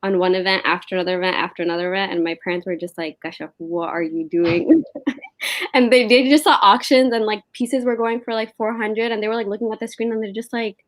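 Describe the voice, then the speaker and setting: A young woman chatting as a guest on a livestream, excited and talkative. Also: mid-range voice, fast talker, no echo. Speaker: guest panelist. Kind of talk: casual livestream chat.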